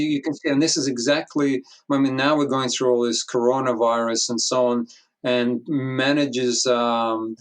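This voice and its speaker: A man speaking as an interview guest, telling a story with a lot of restarts and acting out the dialogue. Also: medium pitch. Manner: animated storytelling, acts out quoted dialogue, frequent restarts. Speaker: guest, business consultant. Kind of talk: conversational interview.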